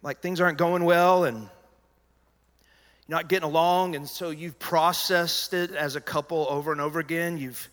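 A man preaching a sermon as pastor, in an animated, conversational style. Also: on the high side. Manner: animated, conversational preaching with acted-out quotes and dropping to a hushed voice. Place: large church auditorium. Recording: reverberant church hall.

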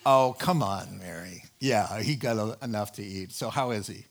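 A man voicing Joseph, a relaxed father, in a low, offhand tone. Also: moderate pace.

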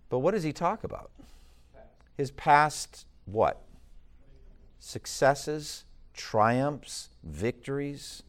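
A man teaching a class, reading an old text aloud with emphatic swells, then stopping to ask questions and explain it. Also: mid-range voice.

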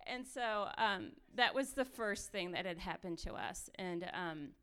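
A woman telling her own mission trip story with lively, run-on phrasing, laughing often as she goes. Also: lowish voice, a little slow, smooth. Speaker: missionary sharing testimony. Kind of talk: animated personal storytelling.

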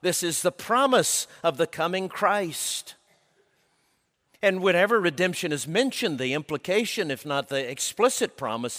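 Male preacher, slightly high voice, unhurried and emphatic, drops to hushed intensity; long hall reverb. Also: expressive. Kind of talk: sermon.

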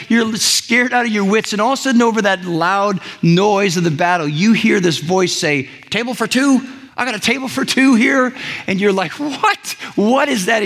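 A man's voice: high-pitched, fairly bright tone, long reverb tail. A man preaching a sermon to his congregation in an earnest, conversational way, often restarting his sentences. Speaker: pastor.

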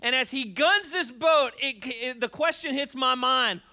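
A man preaches to his church in a loose, conversational way, full of "uh"s and restarts. His voice sits very high for a man. It has a forceful, bright edge. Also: a little slow. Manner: conversational, storytelling with many fillers and restarts. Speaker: pastor. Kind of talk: sermon.

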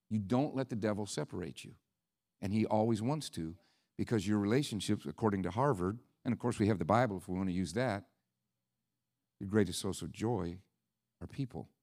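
Animated male preacher. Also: on the low side. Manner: animated, swings from loud emphatic peaks to quiet asides. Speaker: pastor. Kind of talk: sermon.

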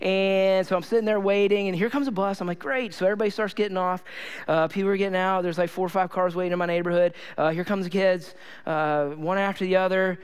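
Male pastor, sermon delivery, high and clear voice, lively storyteller who repeats for emphasis. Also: quick pace.

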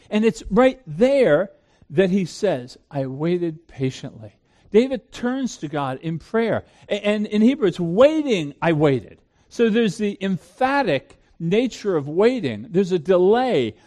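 Pastor, man, high-pitched voice, earnest sermon delivery with frequent restarts. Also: dark tone. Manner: earnest, repeats words when starting sentences.

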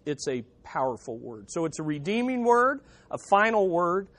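A man's voice: a little high, very animated, moderate pace, fairly bright tone. A man preaching a sermon, stressing points by repeating them. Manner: emphatic, repeating key phrases. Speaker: pastor.

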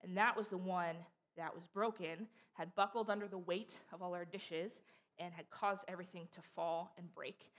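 A woman's voice: fairly low pitch, fairly even intonation, moderate pace. A young woman giving a casual, chatty sermon, acting out voices as she tells stories. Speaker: preacher.

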